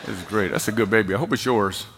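A middle-aged man preaching a humorous sermon, animated and jokey, acting out what people said. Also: fairly low pitch, fast talker, background noise. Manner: animated, jokey, acts out quotes. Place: church hall. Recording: long hall reverb.

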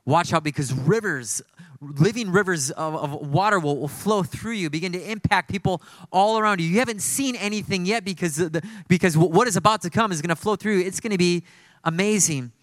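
Passionate preacher man, slightly high voice. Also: brisk, a bit bright, no room sound. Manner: passionate, emphatic preaching with repeated phrases. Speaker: pastor. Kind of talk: sermon.

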